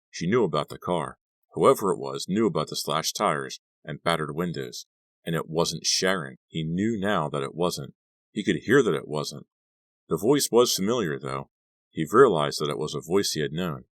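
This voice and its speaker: A male audiobook narrator with a strikingly deep voice reads a novel in a steady, measured way. The recording is dry and close. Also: no room sound. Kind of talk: scripted narration.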